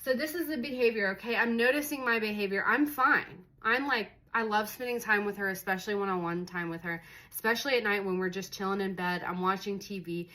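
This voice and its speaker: A woman's voice: mid-range voice, fairly quick, hardly any pauses, sharp tone, poor audio. A young adult woman teaching about parenting in a casual, conversational way, often acting out her own thoughts in a story. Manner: conversational, many "like" fillers, voices her own inner thoughts. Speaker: parenting educator.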